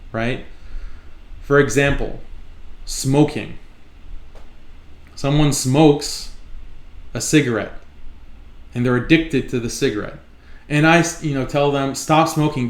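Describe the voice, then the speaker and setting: A man's voice: medium pitch, echoey room. A man hosting a live online talk show, speaking emphatically and repeating his points for stress. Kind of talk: live solo commentary.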